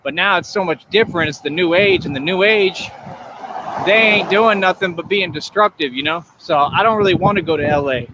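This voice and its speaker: A man's voice: high-pitched, fairly quick. A man livestreaming outdoors, talking in a boastful, rambling way to his chat. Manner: swaggering, rambling. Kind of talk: boastful live-stream chat. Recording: lo-fi stream audio with street noise.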